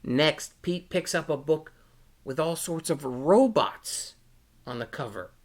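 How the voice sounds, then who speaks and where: A man reading a picture book aloud to children at storytime, animated and stopping to ask them questions. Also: on the high side, slow. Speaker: storytime reader.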